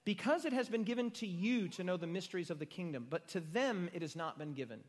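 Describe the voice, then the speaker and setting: Male pastor, high voice, dramatic sermon with loud-to-hushed swings, long hall echo. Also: lively intonation, quick pace. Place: room with a gathered congregation. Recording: reverberant hall sound.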